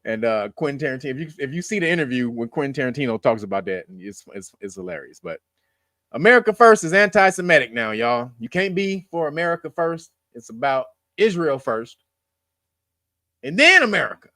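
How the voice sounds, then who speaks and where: A man's voice: on the high side, very animated, brisk, sharp tone, no room sound, studio quality. A man hosting his own channel, giving casual political commentary in a loose, profane, joking way and laughing at his own lines. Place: lives in California.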